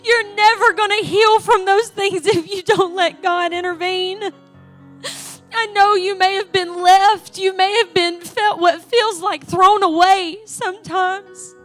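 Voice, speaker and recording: Very high-voiced pleading woman preacher. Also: fairly even intonation, a little slow, fairly bright tone, faint music behind. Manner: emotional, pleading, tearful at times. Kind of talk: sermon and altar call prayer.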